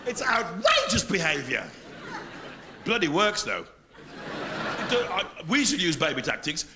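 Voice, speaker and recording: A middle-aged English comic working a live crowd with a fairly high voice that rises and drops constantly. He lurches from loud bursts to low mutters, and steady noise sits under a live stage recording. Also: a little slow. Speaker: stand-up comedian. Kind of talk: live stand-up routine.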